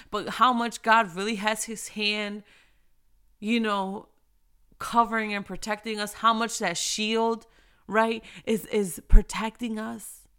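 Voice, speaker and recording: A woman's voice: medium pitch, bright, forceful tone, clean tone. Preachy, encouraging woman giving a faith talk. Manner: preachy and encouraging, slows down to stress phrases, talks straight to her listeners. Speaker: Christian devotional speaker. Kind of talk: casual faith talk to women.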